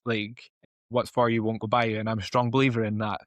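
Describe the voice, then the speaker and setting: A man, a podcast guest chatting in a relaxed, reflective way. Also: on the low side, a little fast, no room sound. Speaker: podcast guest, freelance graphic designer. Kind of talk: casual chat.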